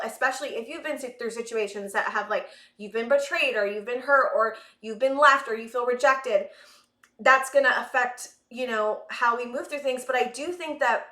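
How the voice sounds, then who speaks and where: A woman's voice: a little high, pushed and bright, reverberant. A woman giving a rambling collective tarot reading, searching for words and short of breath. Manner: rambling, searching for words, many fillers and sighs. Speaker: tarot reader.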